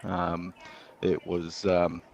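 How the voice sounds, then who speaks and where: Deep-voiced guy calling into a stream, lots of ums and uhs, faint hiss behind. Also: monotone, extremely slow, lo-fi sound. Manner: rambling, lots of fillers. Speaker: guest caller. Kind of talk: casual live-stream chat.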